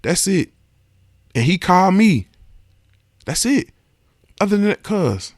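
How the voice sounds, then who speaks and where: A man's voice: high voice, very animated, slow pace, dry recording, clean studio sound. A man hosting a podcast in a casual, emphatic monologue, swearing freely and often checking that the listener understands. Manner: emphatic, profane, keeps asking "you understand what I'm saying". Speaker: podcast host.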